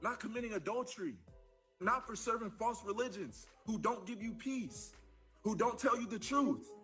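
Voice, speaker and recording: A man preaching fervently in a played clip, his high, bright voice tripping over repeated words. Faint music runs under him. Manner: fervent, halting repetitions. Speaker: athlete speaking in a clip. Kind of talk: impassioned preaching.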